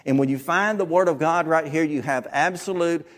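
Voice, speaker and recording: A man's voice: fairly high pitch, moderate pace, fairly bright tone. A man with a Southern US accent preaching a sermon to his congregation, earnest and emphatic, repeating his key phrases.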